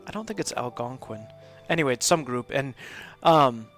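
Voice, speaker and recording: With a mid-range, fairly bright voice and lively intonation, a man hosts a live game stream at a normal pace over soft background music. He chats casually, rambles and often bursts into laughs.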